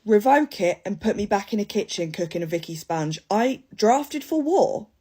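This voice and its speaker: A woman's voice: medium pitch, big pitch swings, normal speed, mellow, slightly rough. A young woman doing a sarcastic, dramatic comic monologue for social media. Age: young adult.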